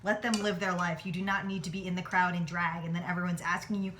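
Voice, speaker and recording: A woman's voice: fairly low pitch, flat delivery, fast talker, fairly bright tone, a little hiss or hum. A young woman from New Jersey chatting casually in a home vlog while cooking, rambling and self-deprecating with lots of "like". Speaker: vlogger. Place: home kitchen near a highway.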